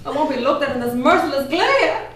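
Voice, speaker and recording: A woman's voice: sits high, very animated, a little fast, a bit bright. A woman playing a fluttery, faded Southern belle. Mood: giddy, fluttery. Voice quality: theatrical, fluttery. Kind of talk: stage play performance. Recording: echoey stage from far off.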